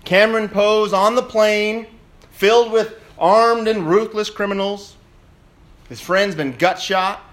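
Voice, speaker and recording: A middle-aged man preaching a sermon as pastor, telling a story in a lively, dramatic way. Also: high-pitched, takes it slowly.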